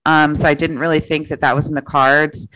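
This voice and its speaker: A chatty woman guest recounting her past with frequent laughter. Her voice is smooth and resonant, recorded close and dry with no room sound. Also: sits low, fairly quick, dry recording, poor audio. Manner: chatty, laughs often, quotes herself in animated voices. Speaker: comedian guest. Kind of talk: casual interview storytelling.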